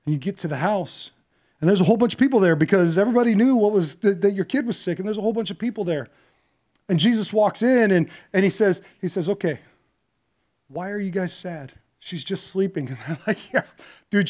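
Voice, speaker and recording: A man preaching a sermon, retelling a story with shifts from quiet, hushed passages to impassioned, louder ones. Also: high voice.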